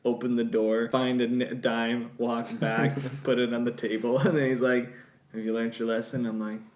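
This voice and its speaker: A man's voice: medium pitch, little pitch movement, moderate pace. A young man co-hosting a casual podcast chat, laughing his way through a childhood story. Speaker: podcast co-host. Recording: echoey room.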